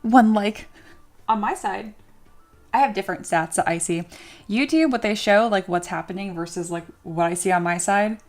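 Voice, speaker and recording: Over soft background music, a woman chats casually with her livestream viewers at normal speed and medium pitch. The host, a 3D sculptor, reads their comments aloud and cheers them on, upbeat and encouraging.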